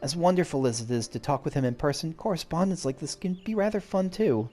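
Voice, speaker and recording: A man's voice: a little high, expressive, fast, warm tone, faint music behind, pitched above the performer's own voice. A man lifting his voice for an eager young woman. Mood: grateful. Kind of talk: reading game dialogue aloud.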